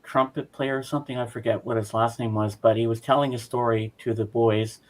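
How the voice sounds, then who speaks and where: A man's voice: medium pitch, steady tone, fairly quick, a little hiss or hum, poor audio. A man in a casual group chat who tells stories earnestly and from the heart. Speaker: chat guest.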